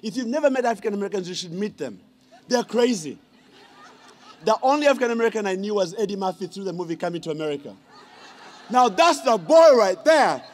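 A man's voice: high-pitched, animated, fast, a little mellow. A man, giving a humorous ceremonial speech and teasing the audience with questions. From Uganda. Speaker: honorary degree recipient giving a speech.

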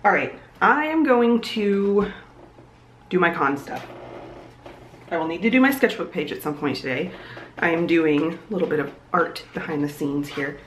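A young woman talks through her day in a relaxed, upbeat vlog, thinking aloud as she goes. Her voice sits a little low. The room adds a noticeable echo, with a faint hiss underneath. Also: moderate pace. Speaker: vlogger. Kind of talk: casual vlog chat. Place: home room. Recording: echoey room, faint noise.

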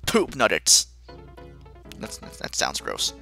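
Very animated let's play commentator. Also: mid-range voice, moderate pace, long pauses. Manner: animated, self-mocking, panicky outbursts. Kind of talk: gameplay commentary. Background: faint game music.

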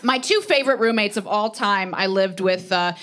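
A woman in her thirties performing stand-up comedy, with an animated, punchy delivery and acted-out quotes. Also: mid-range voice, moderate pace. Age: 30s.

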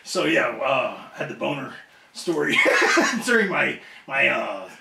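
A man in an interview, telling a wrestling story in a casual, profane, animated way and acting out the voices of other people. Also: mid-range voice, measured pace, creaky, crowd noise. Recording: roomy echo, somewhat off-mic.

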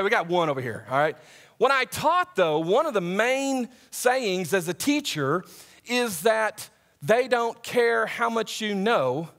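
A young man, a camp director, delivers a conversational sermon in a church hall before a live audience, posing questions to them and reading scripture aloud. His voice sits high and sounds a bit bright. When he reads scripture, his pace quickens.

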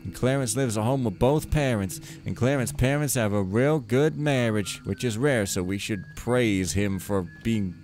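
Low-voiced man joking through a game. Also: normal speed, hardly any pauses, a little mellow. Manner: wry, joking, talks to himself. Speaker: let's play host. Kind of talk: rambling gameplay commentary. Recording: game music behind voice. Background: game music.

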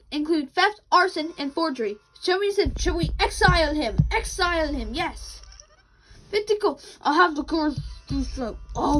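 A woman's voice: sits high, low-quality recording. A young woman giving casual commentary as she plays a game, reading out the characters' lines and answering them. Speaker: gamer.

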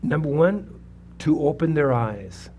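A man's voice: fairly high pitch, expressive, a little slow, dark tone, dull audio, a little hiss or hum. Older man preaching, conversational testimony. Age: 70s. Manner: conversational preaching, asks the congregation questions. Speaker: pastor. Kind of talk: sermon with personal testimony. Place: church sanctuary.

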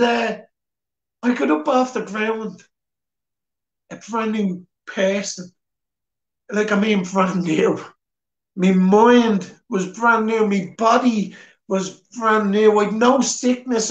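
A man's voice: high-pitched, slow pace, highs cut off. A man with a Dublin Irish accent telling his personal testimony at church in an earnest, plain-spoken way. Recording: echoey church hall.

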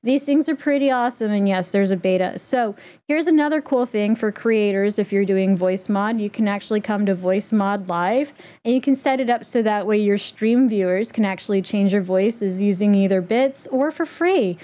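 Mellow-voiced woman explaining a tutorial. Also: mid-range voice, moderate pace. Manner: chatty, explains step by step with fillers. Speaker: streamer giving a setup tutorial. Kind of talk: casual screen-recorded tutorial.

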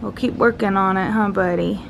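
A woman's voice: mid-range voice, fairly even intonation, brisk, gravelly, noisy background. A woman chatting casually in a home vlog, often laughing and speaking sing-song to her children, recorded on a handheld camera. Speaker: family vlogger and mother. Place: family home indoors.

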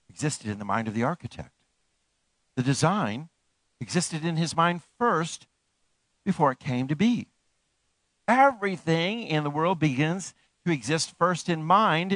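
A man's voice: fairly bright tone, dry recording. Emphatic male preacher, dry sound. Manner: preaching with wide swings in pitch and volume; emphatic, repeating key phrases. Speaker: pastor. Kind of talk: sermon.

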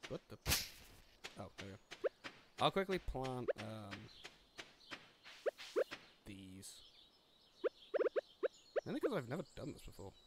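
A man's voice: mid-range voice, sing-song, slow, pauses often, very noisy. A man hosting a let's-play, chatting casually and joking at himself as he plays. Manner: casual, self-mocking chatter. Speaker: gaming channel host. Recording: game music behind the voice.

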